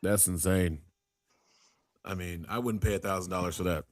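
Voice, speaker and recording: Low-voiced man telling rambling stories. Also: fairly even intonation, normal speed, no room sound, studio quality. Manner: rambling storyteller who acts out quotes, many restarts. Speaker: podcast host. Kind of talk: casual chat.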